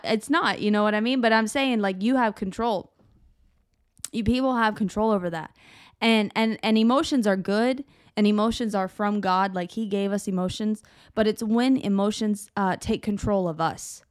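A woman's voice: medium pitch, no room sound, studio quality. Chatty woman on a faith podcast. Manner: rambling, repeats words, many "like" and "you know", laughs often. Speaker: podcast host. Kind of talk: casual faith podcast talk.

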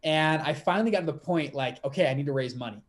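A young man in his twenties, a podcast guest telling his story in a lively, quick, laughing way. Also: a little high. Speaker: podcast guest, fund manager. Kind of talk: casual storytelling interview.

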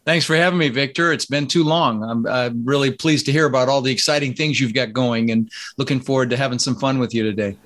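A man from the Netherlands, a podcast guest, talking in a casual interview with energetic, emphatic delivery. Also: quick pace, few pauses. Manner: energetic, emphatic, jumps up in pitch when excited. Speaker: podcast guest, real estate investor.

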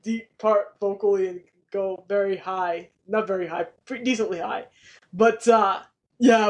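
A woman's voice: medium pitch, a little mellow. A woman co-hosting a podcast, chatting casually and enthusiastically about a sitcom episode and laughing often. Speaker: podcast co-host.

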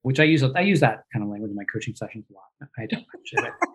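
A man who is a coach talking casually, animated and acting out example lines as he explains. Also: medium pitch, rapid-fire, breathy edge. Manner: animated, acts out example lines in lively voices. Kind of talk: conversational talk about coaching.

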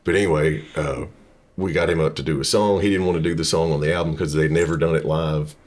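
Man, very deep voice, rock musician guest, casual chat, laid-back storyteller. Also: fairly even intonation, fast talker. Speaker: touring rock singer and guitarist, guest.

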